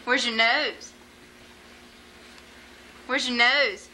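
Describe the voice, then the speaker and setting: A woman's voice: fairly high pitch, steady tone, extremely slow, bright, forceful tone, a little hiss or hum, low-quality recording. A woman, a mother, using coaxing sing-song baby talk with her toddler.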